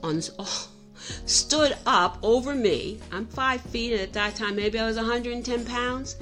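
A woman's voice: a little high, moderate pace, bright, forceful tone, soft background music. A middle-aged woman telling a personal story in a candid, self-reflective way, often restarting her sentences.

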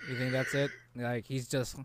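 A young man in casual, profane chat about a video game, rambling and breaking into quick character voices. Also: medium pitch, level tone, slight background noise.

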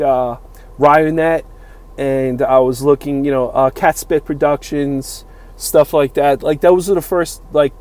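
A man's voice: fairly high pitch, a little mellow. A man in his forties telling a long personal story in a rambling, casual way, full of fillers and quoted dialogue. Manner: rambling, many fillers, acts out quoted lines. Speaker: utility worker telling a story.

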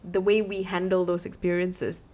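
A woman's voice: lowish voice, level tone, normal speed, darkish tone. A woman co-hosting a book podcast, chatting casually, laughing often and acting out quotes from the story. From Malaysia.

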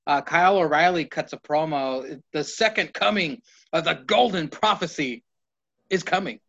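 A man's voice: fairly high pitch, normal speed, gravelly, fairly bright tone. A man co-hosting a podcast, giving a hesitant, offhand wrestling recap with many ums. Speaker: podcast co-host. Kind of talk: casual wrestling recap chat. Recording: dull lo-fi mic.

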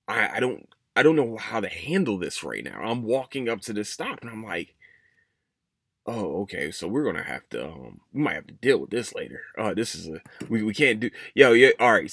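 A man's voice: lowish voice, a bit bright, dry recording, clean studio sound. A man hosting his own podcast, talking casually and rambling with lots of fillers and restarts. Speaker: podcast host. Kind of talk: casual solo podcast monologue.

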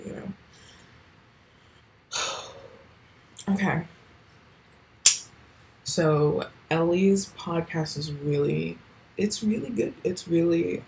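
Rambling teenage girl podcasting, lowish voice. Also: creaky, a little mellow, a little hiss or hum, low-quality recording. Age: late teens. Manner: rambling, filler-heavy, swears casually. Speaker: podcast host. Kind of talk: casual solo podcast chat.

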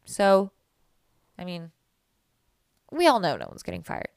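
A woman's voice: medium pitch, huge pitch swings, unhurried, dry recording, studio quality. A woman podcast host with a stuffy nasal voice, chatting casually and giving opinions on a reality show, with fillers and trailing thoughts. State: nasal from a cold.

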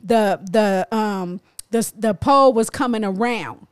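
A woman co-hosting a casual podcast, telling stories in lively speech and acting out the people in them. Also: mid-range voice, unhurried, smooth, no echo, studio quality. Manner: animated storytelling with slang and acted-out voices. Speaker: podcast co-host.

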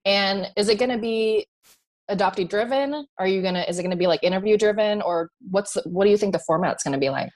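A woman hosting a podcast in casual chat, chatty and quick to laugh as she asks eager questions. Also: medium pitch, a little mellow, no echo. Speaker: podcast host.

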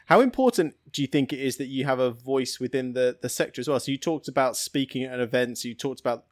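A man's voice: mid-range voice, fast talker, dry recording. A man co-hosting a podcast in casual chat, teasing with dry humor. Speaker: podcast co-host.

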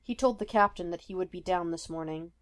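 A woman's voice: fairly low pitch, brisk, natural voice. A woman voicing an eager young guard who speaks helpfully. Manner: eager to help.

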